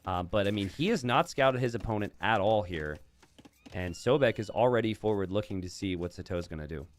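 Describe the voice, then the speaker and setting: A man's voice: fairly low pitch, lively intonation, brisk. A young man casting a strategy game match, chatty and laughing easily. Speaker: esports caster. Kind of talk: game commentary.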